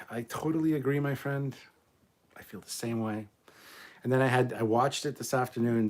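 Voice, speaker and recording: A middle-aged man hosting a casual livestream, reading viewer comments aloud and reacting in a chatty way, swearing freely and joking about himself. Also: medium pitch. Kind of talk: casual live chat.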